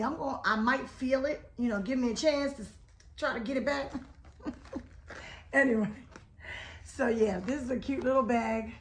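A woman hosting a casual haul video, chatty and talking straight to her viewers, her voice a little hoarse today. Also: fairly high pitch, normal speed, long pauses, a little hiss or hum. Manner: chatty, keeps addressing viewers as y'all. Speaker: haul vlog host. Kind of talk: casual product haul chat.

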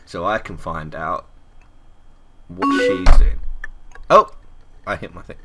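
A young man with a fairly low voice talks through a game, reading chat messages aloud and reacting with quick laughs. Keyboard clicks tick faintly behind him. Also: slight background noise. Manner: chatty, laughs often, reads messages aloud in a soft voice. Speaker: gaming video host. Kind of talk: blind playthrough commentary, reading chat aloud. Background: keyboard typing clicks.

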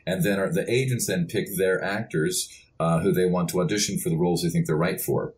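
A middle-aged male voice actor, a podcast guest, telling rambling, animated stories with many restarts. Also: sits low, a little fast. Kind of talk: casual podcast interview.

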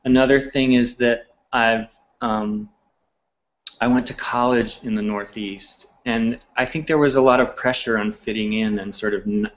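A man from Charleston, a cookbook author guest, chatting casually with many restarts, fillers and chuckles. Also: lowish voice. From Charleston, South Carolina, US. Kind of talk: casual chat. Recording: lo-fi live stream audio.

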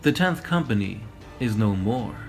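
A stern, commanding warrior-priest in heavy armor who speaks with formal solemnity, read by a man. His voice is low and gravelly over faint music. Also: animated, normal speed, darkish tone. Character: stern armored space knight chaplain, commanding elder.

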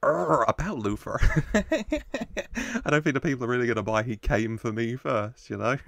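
A man's voice: mid-range voice, expressive, a little slow, creaky, a bit bright, no room sound. A man hosting a reaction video, chatting casually and laughing often as he gushes over the characters. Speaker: reaction channel host.

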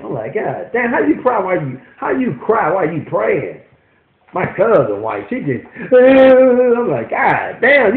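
Ranting man, profane and worked up. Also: on the high side. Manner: profane, animated ranting with repeated restarts. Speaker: vlogger. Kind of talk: ranting commentary to camera. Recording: echoey, tinny phone-like audio.

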